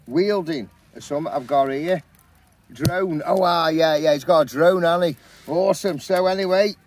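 A middle-aged man chatting in a relaxed, upbeat way as a camping vlogger, talking into a handheld camera outdoors at a campsite. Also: fairly high pitch, slight background noise. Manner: chatty, upbeat, says "awesome, mate" often. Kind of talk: casual vlog chat.

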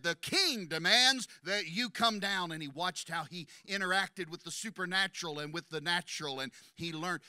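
A man preaching a sermon in a church, impassioned and building to shouts, racing through some phrases and slowing on others for emphasis. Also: high-pitched, smooth, no room sound, studio quality. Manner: impassioned, rising to shouts at climaxes; rapid bursts of speech between slower emphatic phrases. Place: church sanctuary.

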